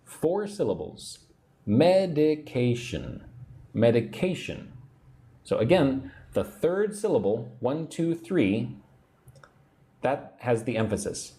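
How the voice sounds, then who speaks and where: Lively-pitched man teaching English live. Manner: chatty, reads viewer comments aloud, slow drilled pronunciation. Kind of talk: livestream English lesson.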